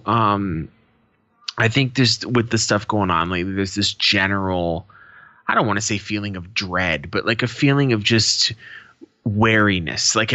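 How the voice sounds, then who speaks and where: Wry bright-toned man, dry sound. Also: lowish voice, no echo, muffled recording. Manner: wry, deadpan jokes, casual swearing. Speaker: podcast co-host. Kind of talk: casual chat.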